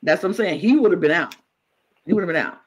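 A man co-hosting a podcast in casual chat, talking in an animated way and acting out other people's words. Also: fast, low-quality recording. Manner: animated, acts out quotes in high exaggerated voices. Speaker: podcast co-host.

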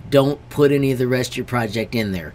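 A teacher narrates a screen-recorded tutorial step by step, warm and friendly, stressing warnings and often addressing everyone as "friends." He speaks fast in a mid-range, darkish voice. The recording carries a little hiss or hum.

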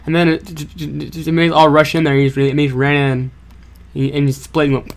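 A young gaming channel host gives quick, excitable, jokey play-by-play of his gameplay in a slightly high voice. He stammers through repeats and lets out sudden yelps.

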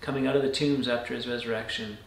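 A man in a pastoral role reads scripture aloud and then reflects on it at a measured pace, often sinking to a soft, low delivery. His voice sits at an ordinary middle pitch. The room adds a noticeable echo, and a faint background noise runs underneath. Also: fairly even intonation. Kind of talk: scripture reading and short devotional.

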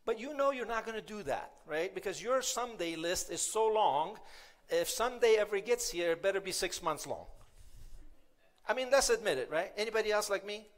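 A man's voice: sits high, expressive, a little fast. A man giving a conversational, playful motivational keynote at a conference, often asking the audience questions. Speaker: keynote speaker.

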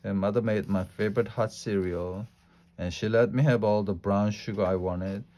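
A man reading a children's chapter book aloud, unhurried, with small slips. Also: on the low side, fairly even intonation, dark tone. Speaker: storyteller.

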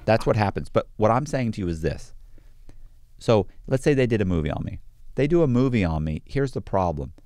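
A man talking bluntly in a casual podcast conversation, animated and acting out other people as he explains. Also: fairly low pitch, a little fast, dry recording, studio quality. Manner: blunt and animated, acts out quoted voices. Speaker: guest, true crime author.

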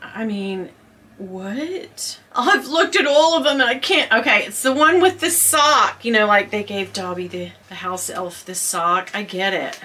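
Chatty woman with a bright voice. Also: medium pitch, a little slow, husky. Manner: chatty, self-deprecating, talks to viewers as y'all. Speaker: vlogger. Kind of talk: casual vlog chat. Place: at home, indoors.

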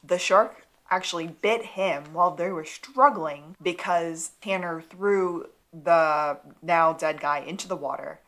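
A woman co-hosting a podcast, narrating an episode recap in relaxed casual chat with dry asides. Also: lowish voice, unhurried, few pauses. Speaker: podcast co-host.

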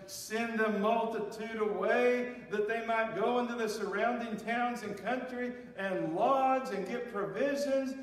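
A male pastor delivers a sermon, pushing his voice up for emphasis and then dropping low. His fairly high voice is picked up from a distance. It rings through a large, reverberant sanctuary with a long tail. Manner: preaching with emphatic rises and drops. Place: church sanctuary. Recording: echoey hall, voice from far off.

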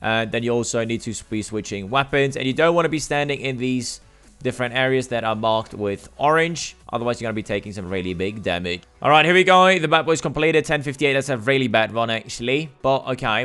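A man giving casual gameplay commentary, explaining steps and getting loud and swearing when the game frustrates him. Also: mid-range voice, fairly quick, smooth, soft background music. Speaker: gameplay streamer.

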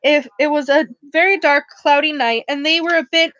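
A woman reading a novel aloud in a casual book club style, stumbling over words and correcting herself as she goes. Her voice is high. The recording is dry and close, with a dull, lo-fi edge. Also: steady tone, moderate pace, fairly bright tone, no echo.

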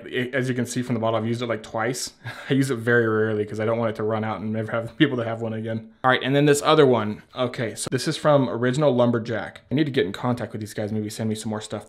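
A man casually showing his beard products to a handheld camera, rambling, swearing and laughing as he goes. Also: medium pitch. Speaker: beard care vlogger. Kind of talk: casual product show-and-tell. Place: at home by a shelf. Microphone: handheld camera at arm's length.

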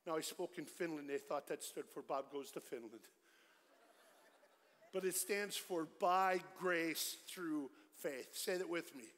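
A middle-aged man giving a lively, joking evangelistic sermon at a church concert, swinging from loud storytelling to hushed pleading. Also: on the high side, measured pace. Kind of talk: energetic evangelistic sermon with jokes. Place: large church concert hall. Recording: live church hall with long reverb.

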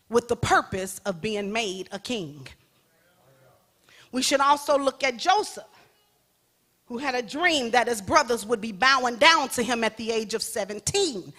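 Bright-voiced woman preaching a sermon. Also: a little high. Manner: emphatic preaching with big swings in volume, playful asides to the congregation. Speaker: evangelist preacher.

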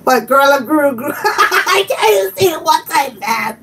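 A woman chats casually on a livestream, giggling and laughing often while reading her viewers' chat aloud. Her voice sits high and a bit bright, with lively intonation and an unhurried pace, picked up by a distant mic with faint background noise.

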